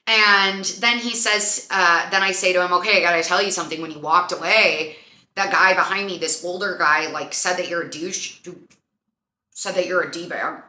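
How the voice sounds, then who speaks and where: Chatty young woman with a bright voice. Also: on the low side, normal speed. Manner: chatty, animated retelling with many fillers. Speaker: podcast host. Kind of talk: casual storytelling chat. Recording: echoey room.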